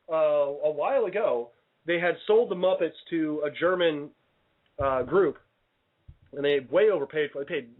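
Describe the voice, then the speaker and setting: A man hosting a casual comedy radio show, with a voice a bit higher than most men's. He rambles in mock outrage and trips over his own restarts. The sound is thin and tinny, as if heard over a phone line.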